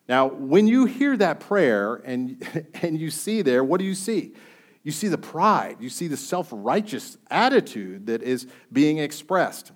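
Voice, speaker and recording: A man's voice: on the high side, very animated, a little slow. A man preaching a sermon. He reads scripture aloud and puts questions to his listeners in a conversational way.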